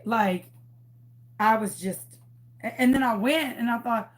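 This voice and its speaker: A woman's voice: on the high side, moderate pace, long pauses. A woman chatting in her home kitchen as a craft host, exclamatory and rambling as she tells a story. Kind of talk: casual live-stream chat.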